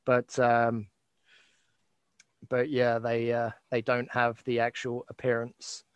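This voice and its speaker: A man hosts a casual live chat with friends, his voice sitting at an ordinary middle pitch. He rambles and restarts, and the sound is dry and close. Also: completely flat delivery, takes it slowly, smooth, no echo. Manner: rambling, many fillers and restarts. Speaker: host.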